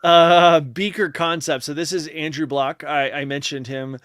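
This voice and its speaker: A man's voice: a little high, fairly even intonation, measured pace, a bit bright, smooth, dry recording, clean studio sound. A man co-hosting a casual podcast who rambles a little and reads listener comments aloud. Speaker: podcast co-host.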